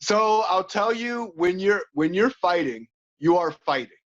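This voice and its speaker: A man, a coach and former fighter, chatting as an interview guest in an animated way, acting out inner voices. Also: high voice, unhurried. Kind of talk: casual interview chat. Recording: dull lo-fi audio.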